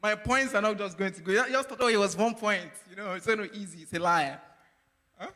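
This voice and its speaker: Brisk and forceful, this quiz host has a high, expressive, bright voice. He runs a playful live quiz at a workshop, ribbing the teams and laughing a lot, while the event hall adds a long reverb.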